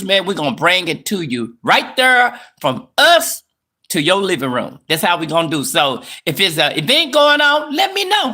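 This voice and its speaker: This is a young man hosting a live news stream. His voice sits high and swoops around with a bright, forceful edge. He talks in a loose, chatty rush and keeps calling out to his viewers. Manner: excited, chatty, addresses viewers as y'all.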